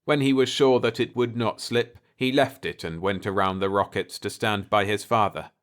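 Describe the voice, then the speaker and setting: A man narrating a bedtime story in a calm, unhurried way. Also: lowish voice.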